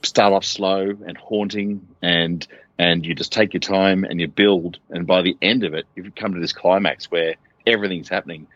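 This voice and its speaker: A man co-hosting a casual album discussion, speaking in a measured, thoughtful way with some fillers. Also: low voice, fairly even intonation, a bit bright, no room sound, muffled recording. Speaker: podcast co-host.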